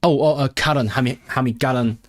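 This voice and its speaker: A young man live-streams his language study, chatting casually with viewers and sounding out foreign words, restarting frequently. His mid-range voice is steady and quick, and the recording is dry with clean studio sound.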